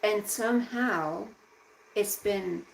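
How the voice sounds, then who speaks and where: A woman's voice: medium pitch, slow pace, vocal fry, a little hiss or hum, low-quality recording. A woman hosting a casual live stream at home, ranting indignantly about government and taxes, then baby-talking to her pet. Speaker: livestream host.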